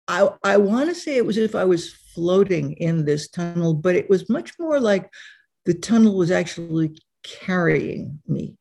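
A woman telling a personal story as an interview guest, vivid and dramatic with sudden pauses. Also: fairly low pitch, vocal fry, darkish tone, slightly rough.

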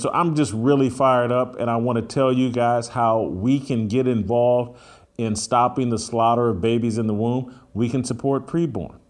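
Fired-up male talk show host. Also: medium pitch. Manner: emphatic, urgent, with frequent "uh" fillers.

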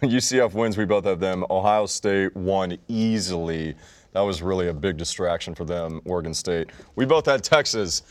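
A man's voice: sits low, moderate pace, no echo. A young man co-hosting a podcast, chatting casually and sarcastically about sports. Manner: wisecracking, sarcastic. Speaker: podcast co-host.

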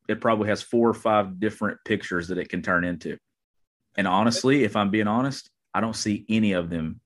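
A man co-hosting a sports podcast, chatting casually and enthusiastically from a remote spot. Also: fairly low pitch. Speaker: podcast co-host. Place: remote, on vacation.

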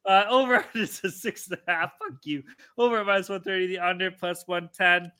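Brash, bright-voiced swearing hockey podcaster. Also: male voice, high voice, fairly quick, clear, resonant tone. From Canada. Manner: loud, brash, swearing trash talk. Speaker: podcast co-host. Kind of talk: profane sports betting rant.

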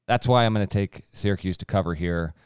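Brief: man, low smooth voice, podcast co-host, teasing betting analysis. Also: fairly quick, no echo, clean studio sound. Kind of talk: casual sports chat.

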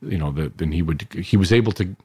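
A man from New York in his fifties, a filmmaker reflecting on his family in an interview, halting and restarting often. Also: deep voice, warm tone, husky, no room sound. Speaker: filmmaker guest. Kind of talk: interview answers.

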